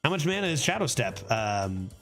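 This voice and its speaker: A man livestreaming a card game, giving excitable, casual commentary and laughing often. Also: medium pitch, normal speed, soft background music.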